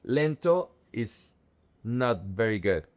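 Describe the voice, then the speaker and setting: A young man teaching vocabulary, saying words slowly and carefully and repeating them in drills. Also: mid-range voice, very animated, a little mellow. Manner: slow, careful word-by-word drilling. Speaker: Spanish teacher. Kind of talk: vocabulary lesson to camera.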